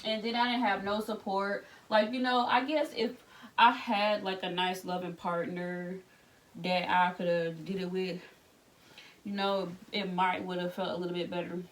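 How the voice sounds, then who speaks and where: A pregnant woman in her thirties vlogging casually while tidying her bedroom, telling candid, animated stories full of slang. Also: lowish voice, moderate pace, distant mic. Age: 30s. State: pregnant, back aching. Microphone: camera set up across the room.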